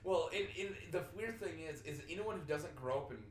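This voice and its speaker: Animated young man telling stories. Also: a little high, fairly quick, a little hiss or hum. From North Dakota, USA. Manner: animated storyteller, swears freely, acts out quotes. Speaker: podcast host. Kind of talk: casual chat. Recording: echoey room with faint ambience.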